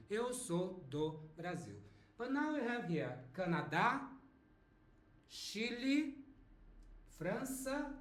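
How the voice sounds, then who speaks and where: A man with a Brazilian Portuguese accent, a native Portuguese speaker, teaching a slow beginner language lesson and checking in often with his students. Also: on the high side. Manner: drawls example phrases, checks in with "eh?" and "alright?". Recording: echoey room.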